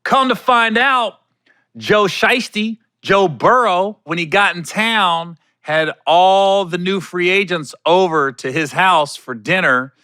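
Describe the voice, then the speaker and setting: A man's voice: sits high, slow pace, smooth, no room sound. A man hosting a solo podcast, telling loose stories, laughing often and swearing casually. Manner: animated, laughs often, swears casually, slips into voices for quoted people. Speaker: podcast host.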